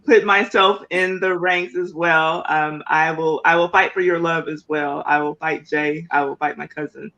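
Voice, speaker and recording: A man's voice: on the high side, fairly even intonation, normal speed, few pauses, pushed and bright, lo-fi sound. A man co-hosting a casual chat, laughing often and repeating himself. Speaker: co-host.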